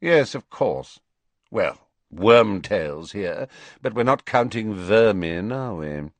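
A man voicing a cold, sneering wizard who speaks slowly, lazily and silkily with a mocking edge, in a storybook reading. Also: on the low side, animated, no room sound, heavily acted. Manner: slow, lazy, silky, mocking.

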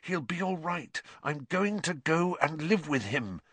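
A man voicing a desperate teenage boy wizard, shouting urgently as he fights dark creatures. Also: fairly high pitch, expressive, a little slow, husky, no echo, voice pushed up, heavily acted. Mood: pleading. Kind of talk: audiobook character voice.

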